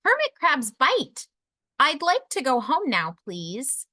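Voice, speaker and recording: A woman's voice: high-pitched, huge pitch swings, slow pace, pushed and bright, no room sound, clean studio sound, heavily acted. A woman voicing a tiny, polite female mermaid-like sea creature in a storybook read-aloud, prim and a little dramatic.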